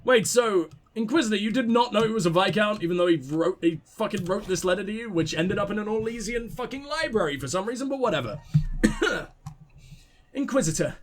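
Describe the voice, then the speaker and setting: High-voiced man reading game letters. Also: lively intonation, fairly quick. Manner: casual, profane asides between readings. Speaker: gameplay commentator. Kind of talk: reading in-game letters aloud while playing.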